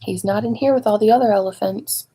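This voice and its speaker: A woman reading a picture book aloud to young children, expressive and adding chatty asides to her listeners. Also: mid-range voice, fast, slight background noise, poor audio. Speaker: storybook reader at a speech clinic.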